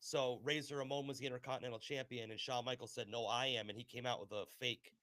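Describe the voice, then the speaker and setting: A New York man hosts a loose wrestling conversation. His voice sits at an ordinary middle pitch. He talks with animated, hype-man energy. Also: fast, a loud crowd. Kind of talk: casual wrestling chat.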